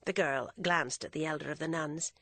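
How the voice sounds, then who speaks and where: A woman narrating a classic novel in a measured, expressive reading voice. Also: sits low, no room sound. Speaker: audiobook narrator. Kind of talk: scripted narration.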